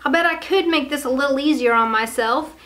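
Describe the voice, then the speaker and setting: A woman's voice: sits high, fairly quick, fairly bright tone. A woman hosting a casual vlog, talking in a teasing, bossy banter. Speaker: vlog host. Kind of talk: casual chat.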